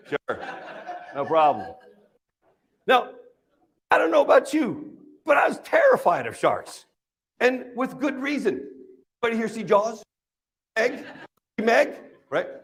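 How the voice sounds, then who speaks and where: A man's voice: very high-pitched, a little slow, pauses often, breathy edge. A man telling a funny personal story to a live conference audience, often asking the crowd questions. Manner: animated, asks the audience questions, jokes. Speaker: keynote speaker. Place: conference stage.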